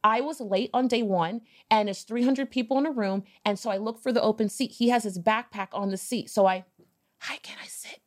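A woman with a fairly high voice talks as a podcast guest. She tells her story in an animated, conversational way, slipping into other people's voices for quoted lines and cursing casually. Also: a little fast, few pauses. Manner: animated, acts out quoted dialogue, swears casually. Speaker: podcast guest, business owner.

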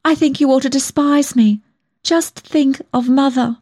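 A remorseful young woman in a storybook, her voice lifting high as she pleads on the edge of sobs, put on by a woman reading aloud. She sounds earnest and ashamed, her words strained with tears. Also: measured pace, a little mellow. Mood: sobbing. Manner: pleading, near sobbing. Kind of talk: audiobook dialogue.

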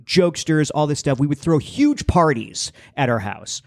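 A young man telling a long, rambling story on a casual podcast, jumping into high-pitched voices for the people in it. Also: expressive, moderate pace, no echo, clean studio sound. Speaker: podcast co-host.

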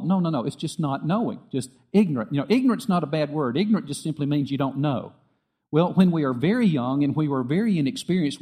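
A middle-aged man preaching a sermon, earnest and repetitive, dropping soft and quiet when he tells a story. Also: a little high, animated, fast, slightly rough. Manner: earnest, repeats phrases, drops soft for quoted dialogue. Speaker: pastor.

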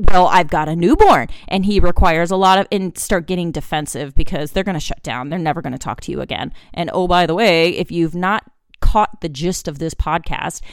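A woman in her forties talks through a solo podcast with a smooth, clear voice that sits a little low. The sound is dry and close, with no room around it. She is chatty and candid, and she slips into quick acted-out bits of dialogue with her kids. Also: no echo. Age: 40s. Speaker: podcast host.

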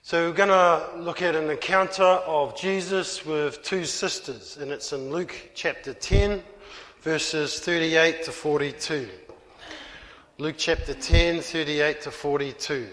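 A man's voice: on the high side, steady tone, takes it slowly, a bit bright. A man preaching a sermon in a church hall, stressing his points by repeating them. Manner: emphatic, repeats key phrases. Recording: reverberant hall.

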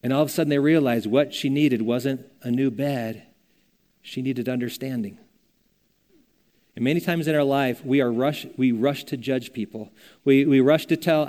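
A man's voice: mid-range voice, moderate pace, dark tone. An older man preaching a sermon as a pastor, earnest and conversational, telling stories as he teaches. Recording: long reverb of a church hall.

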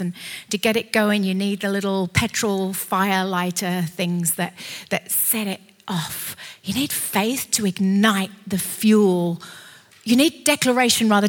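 A woman delivers a sermon in a high, clear voice. She preaches with fervour, climbing from steady teaching into impassioned, shouted declarations.

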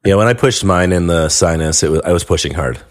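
A man's voice: deep voice, fast talker. A man who is a dentist co-hosting the talk, asking questions and cracking jokes in a casual chat. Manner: joking, wisecracking questions. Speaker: dentist co-host. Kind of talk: casual clinical discussion.

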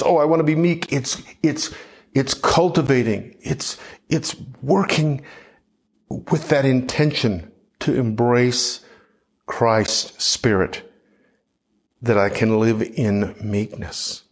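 Slow, reflective middle-aged male preacher, mid-pitched, measured sermon delivery. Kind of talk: sermon teaching.

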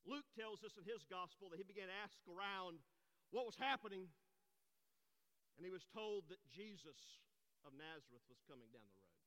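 A man's voice: high voice, animated, normal speed, bright, forceful tone. A man preaching a sermon, telling a story that builds to impassioned cries, in a church sanctuary. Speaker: pastor. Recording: long hall reverb.

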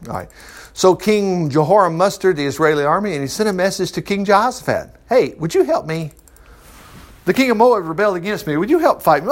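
A man preacher reading a Bible passage aloud in a folksy way, breaking in often with his own asides. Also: a little high. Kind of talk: Bible reading with running commentary.

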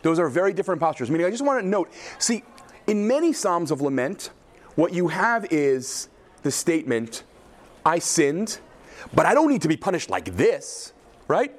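Lively male lecturer, slightly high voice, questioning class style. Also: moderate pace. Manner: animated, questioning, frequent "right?". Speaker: teacher.

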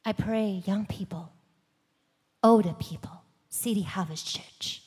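A woman giving a sermon testimony in a church, swinging from loud urgent passages to hushed whispers. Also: medium pitch, takes it slowly, husky. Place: large church hall. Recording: long hall reverb.

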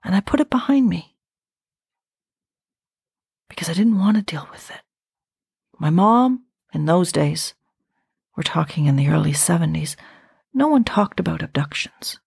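A woman in her fifties hosting a podcast, telling a personal story in a slow, reflective and intimate way. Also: fairly low pitch, gravelly, darkish tone, breathy edge, dry recording, clean studio sound. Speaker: podcast host.

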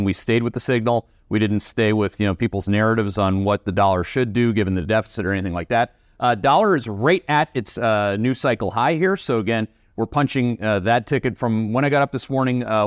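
A man's voice: lowish voice, no echo, studio quality. A Canadian man hosting a market commentary show, talking bluntly and emphatically with many fillers. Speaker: investment show host.

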